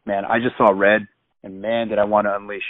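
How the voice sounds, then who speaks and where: A man's voice: fairly low pitch, flat delivery, brisk, no room sound. A man in his thirties animatedly and emphatically retelling a personal story. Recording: dry tinny phone-like sound.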